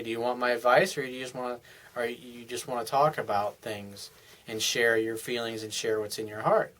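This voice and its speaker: Male relationship coach, earnest advice monologue, middle-range voice. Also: medium pitch. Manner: earnest, acts out couples' dialogue in softer voices. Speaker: dating and life coach.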